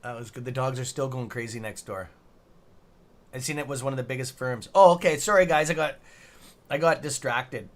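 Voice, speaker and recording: A man's voice: mid-range voice, a little fast. A middle-aged man casually hosting a live stream, reading chat aloud and bantering with loose swearing. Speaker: livestream trading host.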